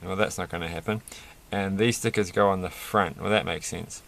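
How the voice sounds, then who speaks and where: Casting: man, lowish gravelly voice, rambling self-mocking toy vlogger, faint noise behind. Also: fairly even intonation, brisk, fairly bright tone. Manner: rambling, self-mocking, laughs at his own jokes. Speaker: toy reviewer building a set. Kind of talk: casual off-the-cuff commentary.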